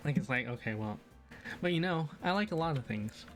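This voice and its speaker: A male streamer reads a visual novel aloud and breaks off into loose, self-deprecating asides. His voice sits at an ordinary middle pitch. Game music plays faintly under his talk. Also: animated, moderate pace. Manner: casual, rambling, self-deprecating.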